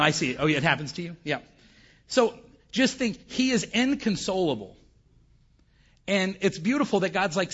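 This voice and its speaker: A male pastor preaches in a relaxed, conversational way, often turning to the listeners with questions. His voice sits high. The recording is dull and lo-fi. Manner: conversational, asks the audience questions. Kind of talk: sermon.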